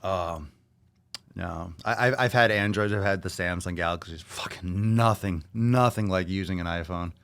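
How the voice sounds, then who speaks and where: Low-voiced man ranting casually on a podcast. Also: normal speed, a bit bright, clear, resonant tone, dry recording. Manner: loose, profane, joking, puts on silly voices. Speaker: podcast host. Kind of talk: casual solo podcast rant.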